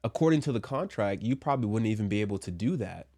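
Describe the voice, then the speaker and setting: A man with a fairly low voice talks through his commentary casually, tossing in joking asides. He sounds slightly under the weather and speaks from a Christian view. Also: lively intonation, fast, warm tone. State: a little sick. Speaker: commentary vlogger.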